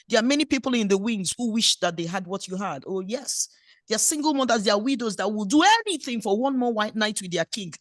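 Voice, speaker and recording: A woman's voice: medium pitch, no echo, studio quality. A middle-aged woman, preaching a sermon in a playful, exhorting way. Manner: playful, exhorting preacher who acts out little scenes. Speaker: pastor.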